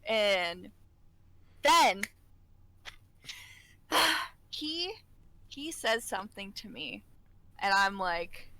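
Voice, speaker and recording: A woman's voice: mid-range voice, big pitch swings, extremely slow, pauses often, sharp tone, no echo, rough recording. A woman co-hosting a casual podcast, telling a work story and laughing often as she talks. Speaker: podcast co-host, care worker.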